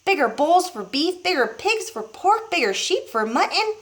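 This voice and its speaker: A woman voicing an excitable small father who gets worked up over everything, in a storybook read-aloud. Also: very high-pitched, normal speed, pitched above the performer's own voice. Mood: bossy. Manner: frantic, exclaiming.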